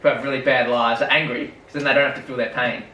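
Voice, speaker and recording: A man's voice: mid-range voice, flat delivery, quick pace, pushed and bright, muffled recording. A man in a casual chat, earnestly explaining and often chiming in to agree. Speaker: podcast co-host. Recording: roomy, distant mic with faint noise.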